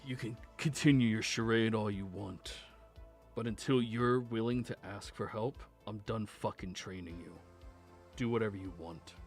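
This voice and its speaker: A man voicing a sly, scheming male combat trainer who mocks and bribes in a low, half-whispered tone. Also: moderate pace, faint music behind, lightly acted. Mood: contemptuous.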